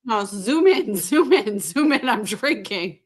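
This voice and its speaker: A woman's voice: mid-range voice, lively intonation, slow pace. A woman co-hosting a live stream, laid back, laughing easily and giving short replies. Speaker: co-host. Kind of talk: casual chat on a live stream.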